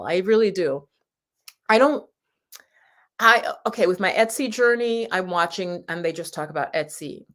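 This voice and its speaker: A woman hosting a live stream for her channel, chatting casually with viewers in a rambling, laughing way. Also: fairly low pitch. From United States. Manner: chatty and warm, with frequent laughs and rambling asides. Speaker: YouTube channel host.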